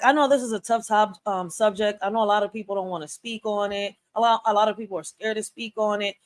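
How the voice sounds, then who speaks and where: A woman hosting a live stream, giving blunt and passionate commentary that rises to loud outbursts. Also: medium pitch, no echo.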